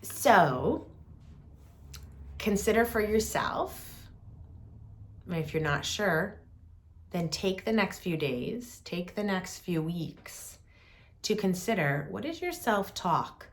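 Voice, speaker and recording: A woman hosts a reflective talk on compassion. Her voice sits a little low and she speaks slowly. She talks softly and deliberately, with gentle pauses. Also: expressive. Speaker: host.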